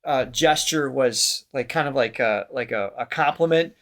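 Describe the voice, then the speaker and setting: A man co-hosting a casual reaction chat, talking in quick enthusiastic bursts that trail off. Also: medium pitch, a bit bright. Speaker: songwriter co-host.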